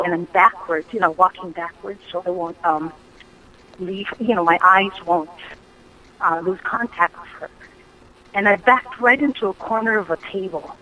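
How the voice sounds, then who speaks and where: A woman caller telling a ghost story on a radio call-in show, lively and full of ums and restarts. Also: fairly low pitch, low-quality recording. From Hawaii. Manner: animated storytelling, acting out her own quoted lines; hesitant, frequent ums and restarts.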